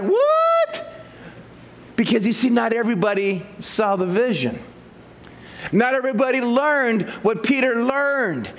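A man preaching a verse-by-verse sermon as pastor, animated and jokey, acting out the people in the text. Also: sits high. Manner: animated, jokey, acts out quotes.

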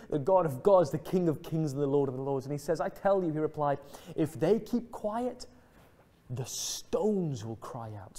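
Guy preaching a sermon, bit high voice but mellow, earnest, goes quiet and slow on the heavy bits. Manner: earnest, reflective, dips soft and slow on emotional lines. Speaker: pastor. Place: church.

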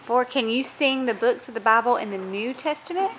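Holding a phone to film her small children at home, a young woman coaxes them with encouraging questions in a casual home video. Her voice is fairly high and fairly quick, with a noisy background.

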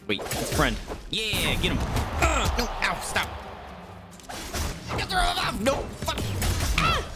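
A game streamer giving excited live commentary while playing, swearing often and squealing and yelping at the action. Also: medium pitch, slow, pauses often. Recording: loud game music behind the voice.

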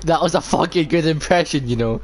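A man's voice: a little high, brisk, a crowd in the background. A young man chatting casually while gaming, joking and swearing freely. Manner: jokey, swears freely, excitable yelps. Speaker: gaming streamer. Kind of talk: casual gaming chat over voice call. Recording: clear background noise.

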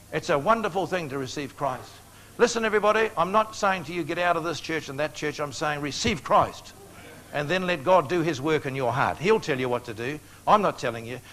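Older male evangelist, earnest and animated. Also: on the high side, a little hiss or hum, low-quality recording. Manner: animated, earnest storytelling with altar-call appeals. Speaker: evangelist preacher. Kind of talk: evangelistic sermon with storytelling.

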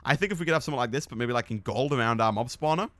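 A man's voice: medium pitch, animated, racing, fairly bright tone, a little hiss or hum. A young man chatting and teasing his friend as host of a casual gameplay video. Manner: chatty, teasing, laughs often. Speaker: let's play host.

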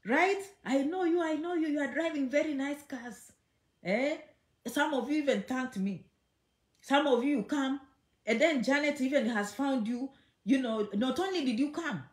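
Woman vlogger, emphatic and teasing, slightly high voice, roomy echo. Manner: chatty and emphatic, repeats phrases, teasing. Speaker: immigration vlogger. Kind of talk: casual direct-to-camera talk. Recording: echoey room.

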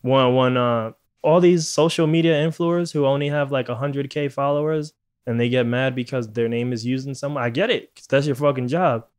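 A Puerto Rican man hosts a casual podcast, ranting, swearing a lot and laughing often. His voice is mid-range and fairly quick, with a clean tone.

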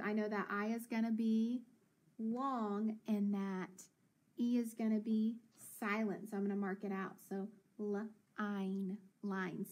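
A woman's voice: mid-range voice, a little mellow. Patient woman teaching phonics to kids. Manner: patient, encouraging, sounds out letters slowly. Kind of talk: phonics lesson for young children.

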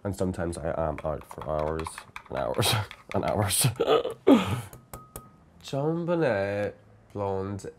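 A young man tells his life story to a documentary camera. His voice sits on the low side. He talks in halting stops and starts, repeating words and filling gaps with fillers. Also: lively intonation, a little hiss or hum. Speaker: drag performer.

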